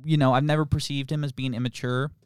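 A man's voice: mid-range voice, level tone, fast, a little mellow, clear, resonant tone, no echo, studio quality. A man co-hosting a podcast in casual chat, rambling through stories with lots of fillers and frequent laughter. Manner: rambling, laughs often, filler-heavy storytelling. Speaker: podcast co-host.

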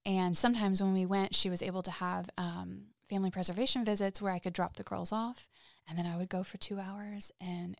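A woman guest telling personal stories in an interview, halting and heartfelt, with frequent restarts. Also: medium pitch, level tone, creaky, dry recording, clean studio sound. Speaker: podcast guest. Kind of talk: candid interview storytelling.

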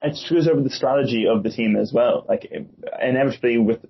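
A man in a casual sports chat, speaking in a measured, agreeable way with hesitant fillers. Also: medium pitch, vocal fry, slightly rough. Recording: dull lo-fi recording with faint noise.

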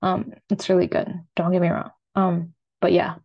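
A woman's voice: lowish voice, completely flat delivery, moderate pace, lo-fi sound. A young American woman chatting casually and rambling about food she loves, with lots of fillers. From United States. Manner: rambling, filler-heavy, upbeat. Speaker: food vlogger. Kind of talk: casual solo food chat.

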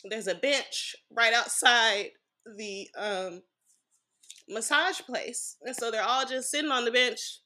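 A woman's voice: fairly high pitch, slow, bright, forceful tone. A woman guest on a podcast, telling a personal story in a blunt, frank way and swearing freely.

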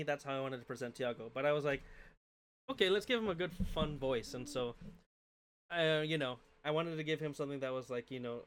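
A man's voice: mid-range voice, slight background noise. A man co-hosting a casual chat as a game master, rambling and hesitant, with many fillers. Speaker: podcast co-host and game master.

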